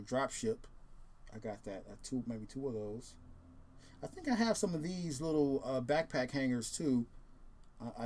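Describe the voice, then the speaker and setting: A man's voice: lowish voice, mellow. A man hosting a casual video and talking in a rambling, laid-back way, full of fillers and restarts. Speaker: host.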